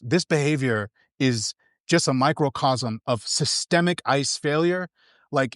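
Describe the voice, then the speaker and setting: A man's voice: a little high, fairly bright tone, dry recording, studio quality. A man talking as a guest commentator in a casual, heated political chat, slangy and emphatic, stumbling over restarts.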